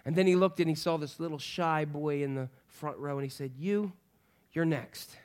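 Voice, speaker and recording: A middle-aged man preaching a sermon as pastor, animated, swinging from loud calls to hushed, soft passages. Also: a little high, brisk, clear, resonant tone.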